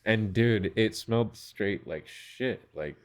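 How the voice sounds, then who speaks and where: Laid-back young man with a low voice. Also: takes it slowly. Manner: laid-back, recalls school stories, swears. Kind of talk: casual podcast chat.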